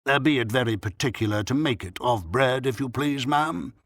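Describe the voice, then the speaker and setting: A man voicing a pompous, red-nosed old male country doctor who speaks slowly and solemnly, in an audiobook. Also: medium pitch, fairly bright tone, no room sound. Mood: grave, pompous. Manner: slow, solemn and self-important.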